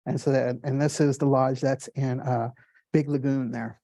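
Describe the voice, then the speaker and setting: A man tells stories about his own artwork in a casual, animated way. He rushes ahead when he gets excited and stumbles over fillers and restarts. His voice sits at a mid pitch and sounds dry and close, with no room echo. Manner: excited, talks fast in quick bursts. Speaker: artist giving a gallery talk. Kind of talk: casual storytelling talk.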